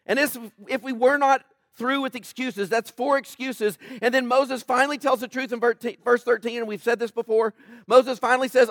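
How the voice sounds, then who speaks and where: A man's voice: very high-pitched, fairly even intonation, normal speed, fairly bright tone, dry recording, clean studio sound. A man preaching a sermon as pastor, talking conversationally to the congregation with jokes, asides and frequent checks like "right?".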